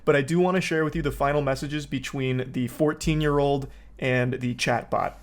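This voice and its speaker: A man delivering measured video commentary in a steady, deadpan way. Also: mid-range voice.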